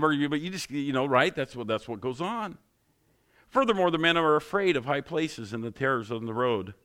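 A man's voice: fairly low pitch, fairly bright tone. Man preaching conversationally. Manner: conversational preaching with rhetorical questions and humor. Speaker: pastor. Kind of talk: sermon.

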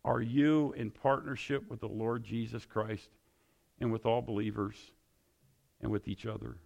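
A man's voice: mid-range voice, fairly even intonation, a little slow, creaky, a little mellow. A male pastor preaching a sermon, pressing his listeners with repeated, emphatic questions.

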